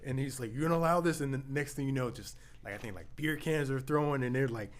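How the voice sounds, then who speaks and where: Podcast host dude, rambly, keeps blanking on names, talks quick. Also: male voice, mid-range voice. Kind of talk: casual chat.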